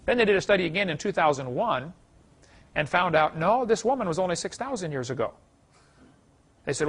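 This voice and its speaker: A man's voice: fairly high pitch, lively intonation, fast, vocal fry, pauses often, fairly bright tone, breathy edge. A middle-aged man giving a seminar lecture, folksy and chuckling at his own stories. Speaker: creation seminar speaker. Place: lecture hall.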